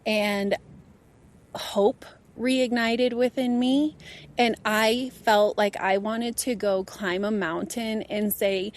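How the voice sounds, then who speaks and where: A woman guest tells her story of inner healing in an earnest, conversational way. Her delivery is emphatic, often swelling into excited bursts as she stresses what changed for her. Her voice sits at an ordinary middle pitch for a woman. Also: takes it slowly. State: becomes a parent, with a baby and a one-year-old. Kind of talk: personal faith testimony in conversation.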